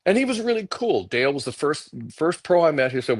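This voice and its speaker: Middle-aged man telling lively anecdotes. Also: fairly high pitch, a little fast, slightly rough. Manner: animated anecdotes, acting out quotes. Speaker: guest comic artist. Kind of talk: casual storytelling on a livecast.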